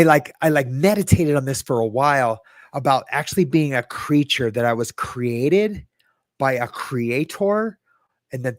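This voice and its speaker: A middle-aged man hosts a livestream podcast in a mid-range voice, chatting casually, rambling, reading chat comments aloud, and mocking himself along the way. The recording is studio quality with no room sound.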